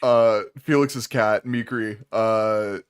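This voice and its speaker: A man's voice: lowish voice, steady tone, slow, smooth. A man playing in a tabletop game, chatting in a laid-back way, laughing often and swearing casually. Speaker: player.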